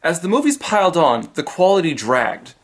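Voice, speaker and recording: A man delivers a comedic film review in a slightly high voice that rises and falls widely. He's sarcastic and lively, slipping dry jokes between his points at a normal speed.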